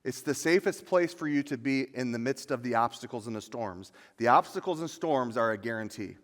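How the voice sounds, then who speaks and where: A man's voice: expressive, fairly quick. Man preaching with ringing hall reverb. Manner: rises to loud, high emphatic preaching on dramatic lines. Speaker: pastor. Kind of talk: sermon. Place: church sanctuary. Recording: long church reverb.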